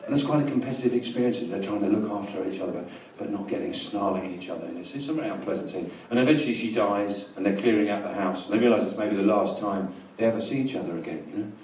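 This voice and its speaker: A London stand-up comedian rambles through absurd stories in a dry, deadpan style at a small live venue, breaking into loud rants. His fairly low voice is rapid-fire with hardly any pauses. The distant, roomy recording has slight hiss or hum and audience laughter.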